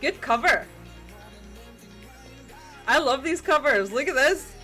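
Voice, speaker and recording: Bright-voiced woman chatting on stream. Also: sits high, lively intonation, slow, faint music behind. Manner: rambling, chatty, frequent restarts and swearing. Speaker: livestream host. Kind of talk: casual chat while painting.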